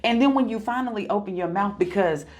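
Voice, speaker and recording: A woman's voice: mid-range voice, fast talker, a little hiss or hum. A woman co-hosting a podcast, talking about faith with a repetitive, emphatic, preacher-like cadence. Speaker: podcast co-host. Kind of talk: preaching-style faith chat.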